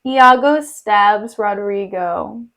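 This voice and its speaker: A woman's voice: mid-range voice, very slow, fairly bright tone. A young woman streamer reading a play aloud with casual, slangy, giggly commentary.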